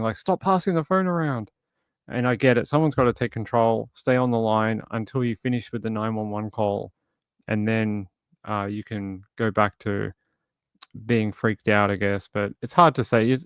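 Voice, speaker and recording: A man's voice: on the low side, smooth, no echo, clean studio sound. A man hosting a true crime livestream, chatting loosely and reading out viewer comments. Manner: rambling, repeats words, relaxed asides. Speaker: livestream host.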